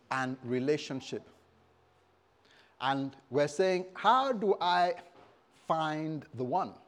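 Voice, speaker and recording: A male pastor preaching a sermon in a church service, humorous and animated, calling out to the congregation. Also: fairly high pitch.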